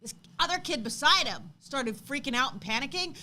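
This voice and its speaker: A woman in her thirties co-hosting a livestream, chatting casually and telling an animated story, acting out quotes loudly. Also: high voice, moderate pace, hardly any pauses. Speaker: co-host.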